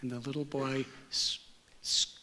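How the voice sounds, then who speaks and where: Slow, measured male spiritual teacher. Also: medium pitch, flat delivery, sharp tone. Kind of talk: storytelling talk.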